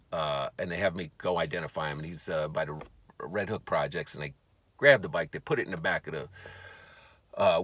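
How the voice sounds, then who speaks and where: A man, a comedian, telling a story for laughs in an animated, profane way, often stammering and restarting. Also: extremely low pitch, no echo.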